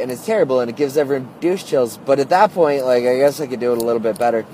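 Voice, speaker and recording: A man's voice: mid-range voice, quick pace, few pauses, mellow, slight background noise. A man telling a story in a casual, rambling monologue, full of "like" and "uh", recorded on a phone. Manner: rambling, heavy use of "like" and "uh".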